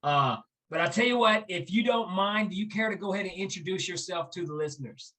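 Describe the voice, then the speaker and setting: A man hosts a casual podcast, pitching questions in a bright, tense voice. His voice sits a little higher than most men's, and he sounds eager to hear his guest's stories. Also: a little fast, rough recording. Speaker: podcast host.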